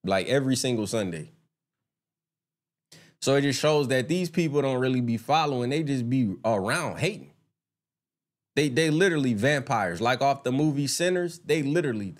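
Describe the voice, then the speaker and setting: A man's voice: mid-range voice, lively intonation, normal speed. A man doing casual live-stream commentary, talking straight to his viewers, swearing freely and getting heated and indignant when he rants.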